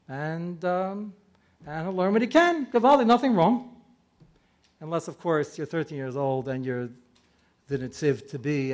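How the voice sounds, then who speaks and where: A man giving a storytelling sermon to a live audience as a rabbi, acting out the voices he quotes. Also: a little high.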